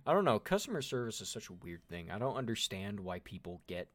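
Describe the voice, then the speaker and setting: Male co-host, low voice, dry close sound, rambling and hedging. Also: very animated, fairly quick, no room sound. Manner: rambling, hedging, self-interrupting. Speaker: podcast co-host. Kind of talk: casual chat.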